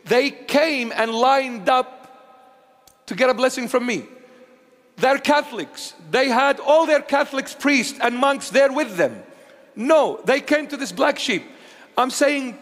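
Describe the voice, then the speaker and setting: In a large hall, a man of Assyrian heritage preaches a sermon in a very high voice at a slightly slow pace. His storytelling is animated, swinging between loud declarations and hushed asides.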